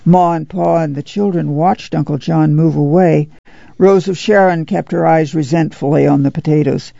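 A man reads a novel aloud for radio at a measured, steady pace. His voice is deeply gravelly and slightly high for a man. The recording is dull and dry. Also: dry recording. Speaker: audiobook reader. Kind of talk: literary audiobook narration on radio. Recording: dull dry lo-fi studio read.

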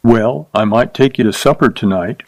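A man's voice: medium pitch, moderate pace, creaky, dry recording. A male narrator voicing a young cowboy who talks meekly and apologetically in a storybook reading. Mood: apologetic. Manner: apologetic, pleading.

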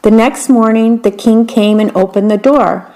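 A woman reading a fairytale aloud as storyteller, with gentle, wry asides. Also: a little high, moderate pace.

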